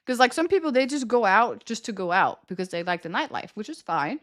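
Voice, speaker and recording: A woman's voice: on the high side, sing-song, brisk, a bit bright. A young woman streamer telling a story in casual chat, rambling and laughing often. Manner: rambling, chatty, with frequent laughter and "like" fillers.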